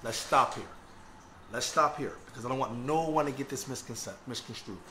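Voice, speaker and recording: Fast-talking man giving a religious lecture. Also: medium pitch, bright, forceful tone, a little hiss or hum. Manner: earnest, conversational, checks in with listeners. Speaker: Islamic lecturer.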